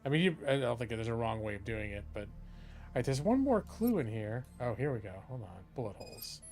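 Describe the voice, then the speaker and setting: Soft music plays behind this lawyer and streamer as he talks through a live let's-play, rambling chattily and interrupting himself mid-thought. His medium-pitched voice is very animated, a little fast and a little mellow.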